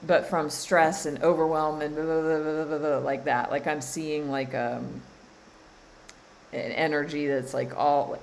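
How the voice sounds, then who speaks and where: A low-pitched woman talks slowly on a live stream, leaning hard on her key phrases and repeating them. She runs a spiritual coaching session, with a faint hiss of room noise under her voice. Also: flat delivery, poor audio. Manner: slow, emphatic, repeats phrases, laughs often. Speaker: spiritual coach and card reader.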